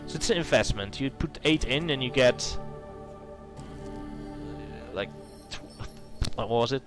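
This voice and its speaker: A man's voice: mid-range voice, lively intonation, takes it slowly, music in the background. A man hosting a let's play, reading game text aloud and adding rambling asides. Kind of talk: narrating a video game playthrough.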